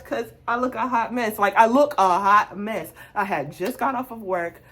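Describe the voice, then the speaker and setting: A young woman vlogger telling a casual storytime, animated and acting out both sides of her conversations. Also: on the high side, moderate pace, few pauses.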